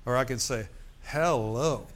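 A middle-aged man preaching to his congregation, his voice sitting a touch higher than most men's. He keeps checking in with the room, tossing in an "amen" or a "hallelujah" as he goes. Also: normal speed, a little hiss or hum. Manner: preaching with call-and-response asides. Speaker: pastor. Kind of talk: sermon.

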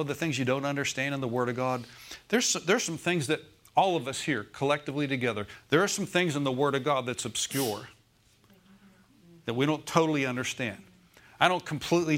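Man, pastor preaching, emphatic, repeats lines, mid-pitched voice, church sanctuary. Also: a bit bright. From United States. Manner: emphatic, repeats key phrases, asks the room for agreement. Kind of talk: sermon.

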